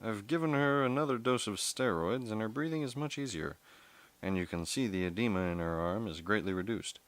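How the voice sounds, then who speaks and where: A man's voice: fairly low pitch, fairly quick, close to an everyday voice. A man doing a formal, precise doctor. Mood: calm. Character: calm, formal Costa Rican male doctor.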